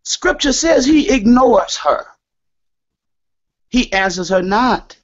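A man's voice: extremely high pitch, animated, slow. A man lecturing on scripture in a sermon style, emphatic and repeating his key statements. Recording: dull lo-fi audio.

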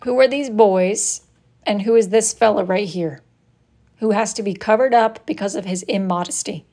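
A woman's voice: medium pitch, moderate pace, dark tone. A woman hosting a casual live stream, reading viewer messages aloud in a dry, sarcastic, mock-scolding way. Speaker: wood-burning artist hosting a live stream.

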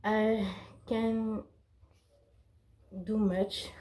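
Slow, halting woman with a mellow voice. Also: mid-range voice, level tone, low-quality recording. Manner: halting, searching for words; apologetic. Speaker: vlogger. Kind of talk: casual haul video.

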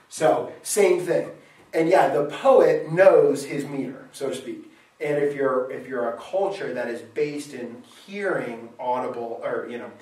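A man teaching Latin in a classroom lecture, thinking aloud and correcting himself as he goes. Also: mid-range voice. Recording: very echoey room, mic far off.

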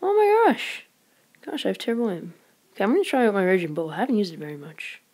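A woman hosting a gaming channel gives live commentary on her gameplay, talking very fast at a medium pitch with a slightly rough voice. She's excitable and rambling, full of exclamations and whispered asides.

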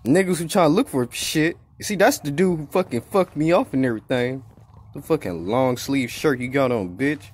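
A man giving casual let's-play commentary, profane and excitable, trash-talking as he plays. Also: mid-range voice, moderate pace. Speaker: gaming YouTuber. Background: game music.

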